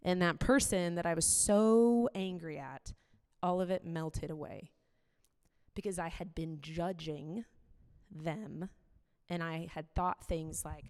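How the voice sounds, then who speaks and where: Woman giving a chatty sermon, kinda low voice, big echoey hall. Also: slow pace, a little mellow. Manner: conversational, candid, many "like" fillers. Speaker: preacher. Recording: long reverb of a hall.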